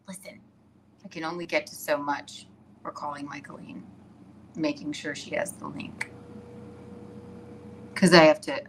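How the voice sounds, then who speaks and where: Excitable rambling woman live-streaming. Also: sits low, measured pace, pauses often, slight background noise. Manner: excitable, rambling storyteller who laughs often. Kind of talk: casual live-stream chat. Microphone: iPad.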